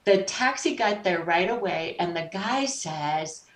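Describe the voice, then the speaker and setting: A woman guest on a podcast, telling stories in an animated, conversational way and acting out the voices of people she met. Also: medium pitch, moderate pace. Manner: animated, acts out quoted voices. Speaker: podcast guest, life coach. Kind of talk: conversational storytelling. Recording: roomy echo, distant from mic.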